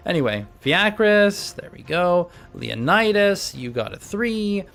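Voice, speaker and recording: A man's voice: high-pitched, sing-song, slow, vocal fry, a bit bright. A young man narrating as game master on a voice call, rambling with many fillers and restarts.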